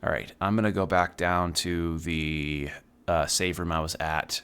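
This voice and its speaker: A deep-voiced man talks loosely as he plays a video game on stream. He drifts from thought to thought in relaxed, chatty asides and swears now and then without much weight behind it. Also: unhurried, clear, resonant tone. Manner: rambling, chatty, swears casually. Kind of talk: casual chat while playing a video game.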